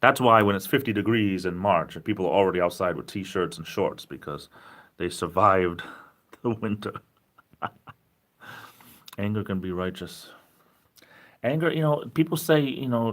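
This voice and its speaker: A man's voice: deep voice, a bit bright. A tired man with a Rhode Island accent, chatting casually on a livestream, rambling and upbeat with frequent laughs. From New England. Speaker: livestream host. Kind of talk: casual livestream chat reading viewer comments.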